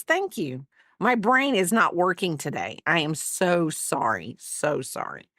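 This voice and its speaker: A woman's voice: on the low side, very animated, measured pace, a bit bright, dry recording, studio quality, soft background music. A woman hosting a crafting livestream, rambling and chatty, often apologizing for herself. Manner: rambling, chatty, self-deprecating. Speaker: livestream host. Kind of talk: casual livestream chat. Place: home, crafting while streaming.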